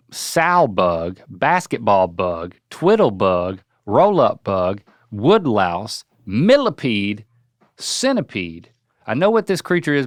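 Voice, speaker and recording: Playful young man with a lively voice. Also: medium pitch, no echo, clean studio sound. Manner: playful, joking, lists options rapidly. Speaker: podcast host. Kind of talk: casual chat, quiz questions.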